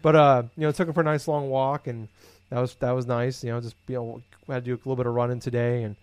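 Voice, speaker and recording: A man chatting casually, rambling through everyday stories with frequent swearing and filler words. His voice sits at a middle pitch and comes across dry and close, with no room sound. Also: fast talker, smooth, dry recording. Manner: rambling, profane, animated storytelling. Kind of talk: casual chat.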